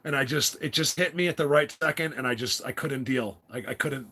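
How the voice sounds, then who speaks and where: Husky middle-aged man, rambling livestream host, reads viewer comments, laughs a lot. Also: fairly high pitch, fairly quick, sharp tone. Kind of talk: casual livestream chat.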